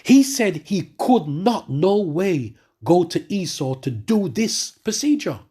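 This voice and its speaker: A man giving a spoken religious testimony to his congregation, telling his story in an animated way with many asides and restarts. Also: sits high, slow pace, husky. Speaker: church member giving testimony.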